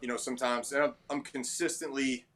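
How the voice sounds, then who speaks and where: A man who owns a gym talks in a casual interview. His voice sits at a middle pitch, and his manner is blunt and a little abrasive as he acts out people's lines in stories. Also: little pitch movement, fairly quick, fairly bright tone. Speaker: gym owner and trainer.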